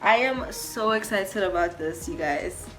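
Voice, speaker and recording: A woman's voice: mid-range voice, expressive, unhurried, fairly bright tone. Gushing woman vlogger, music behind. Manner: gushing, repeats words, addresses viewers as guys. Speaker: beauty vlogger. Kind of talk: casual product unboxing.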